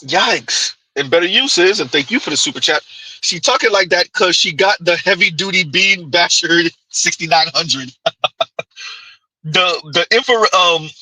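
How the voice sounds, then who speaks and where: Bright, husky-voiced man mocking clips. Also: high-pitched, lively intonation, unhurried, no room sound, low-quality recording. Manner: mocking, giggling, rambling. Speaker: streamer. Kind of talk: casual commentary on clips.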